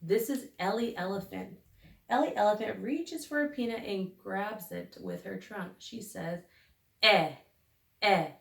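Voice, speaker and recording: A woman teacher leading a phonics lesson for young children, sounding out each letter slowly and deliberately. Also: medium pitch, animated, creaky, darkish tone. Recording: echoey room, recorded from a distance.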